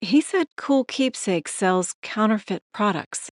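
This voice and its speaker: A woman's voice: mid-range voice, animated, slow pace, no echo, studio quality, voice pushed up. A woman narrator voicing a young female journalist working undercover as an assistant, earnest and slightly nervous. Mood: uneasy.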